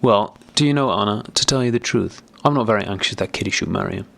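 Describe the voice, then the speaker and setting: A gentle, affectionate married woman speaks earnestly in a storybook, as a man with a low, gravelly voice reads her part. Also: fast, no room sound. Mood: frank.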